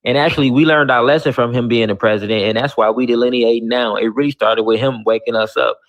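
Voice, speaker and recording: A man's voice: mid-range voice, fairly even intonation, fast. A man hosting a heated call-in debate on a live show, cutting in with repeated words to press his point. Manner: insistent, cuts in with repeated words. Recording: dull lo-fi stream audio.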